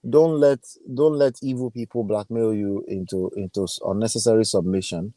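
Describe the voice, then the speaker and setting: A Nigerian man hosting a casual chat, chatty and quick to laugh, slipping into his home language now and then. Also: on the low side, steady tone, mellow, no room sound. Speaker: host.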